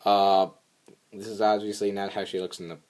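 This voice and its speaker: Rambling young man with a low voice. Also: completely flat delivery, moderate pace, a little mellow. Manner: rambling, filler-heavy, squeaky voices for quotes. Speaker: vlogger reviewing a cartoon episode. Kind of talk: rambling casual recap.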